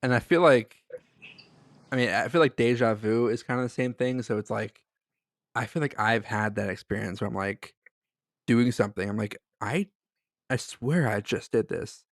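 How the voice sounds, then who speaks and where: A man's voice: medium pitch, steady tone, moderate pace, pauses often, dry recording, clean studio sound. A man co-hosting a podcast, telling a story in a loose, rambling way with lots of filler words. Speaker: podcast co-host. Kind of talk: casual chat.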